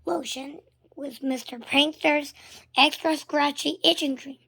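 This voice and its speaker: A woman voicing an angry male football coach shouting in a storybook reading. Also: high voice, fairly even intonation, a little slow, vocal fry, full character voice, low-quality recording. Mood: indignant.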